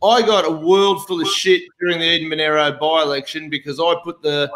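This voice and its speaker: An Australian man talks politics in a loose, casual chat. His voice sits high for a man, and he is blunt, swearing hard and mocking the people he disagrees with. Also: steady tone, fairly quick, a bit bright, poor audio. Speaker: host.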